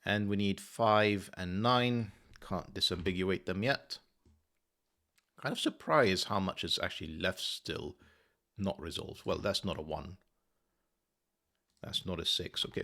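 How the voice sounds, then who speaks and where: With a low, fairly bright voice, this sudoku solver and channel host mutters his reasoning aloud. He works through the puzzle step by step, catching and fixing his own mistakes.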